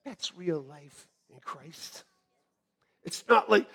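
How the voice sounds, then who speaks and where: A man preaching a sermon as pastor, animated and joking, laughing often with the congregation. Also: sits high, slow pace, vocal fry, husky.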